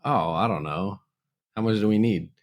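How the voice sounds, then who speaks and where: A man's voice: fairly low pitch, normal speed. A young man co-hosting a podcast, joking and teasing in casual chat and laughing often. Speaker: podcast co-host.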